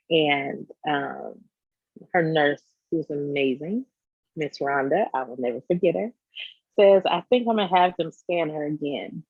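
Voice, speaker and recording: A woman guest in an interview, telling a personal story in a candid, animated way and acting out the scenes. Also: sits low, dry recording, narrow, tinny audio. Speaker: business owner guest.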